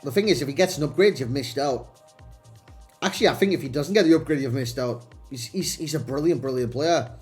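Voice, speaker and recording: A man's voice: medium pitch, a little fast, a little mellow. A young man chatting casually to his viewers as he reviews a game card. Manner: chatty, addresses viewers as lads and boys. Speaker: gaming video creator. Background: faint background music.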